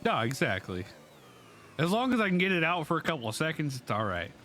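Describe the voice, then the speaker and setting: A man's voice: on the high side, very animated, brisk, pushed and bright, slight background noise. A tired, sick man co-hosting a laid-back gaming chat, laughing often. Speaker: gaming video co-host.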